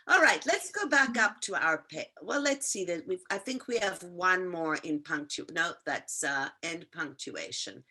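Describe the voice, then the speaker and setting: A woman teacher with a slightly low voice, encouraging her students in an online writing class. She explains step by step, pausing on fillers and correcting herself. The sound comes through a video call. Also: pushed and bright.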